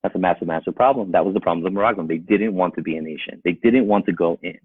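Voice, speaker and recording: A man's voice: low voice, racing, breathy edge, no room sound, phone-quality sound. A man speaking as a rabbi, giving an emphatic talk to a live audience, full of rhetorical questions and repeated phrases.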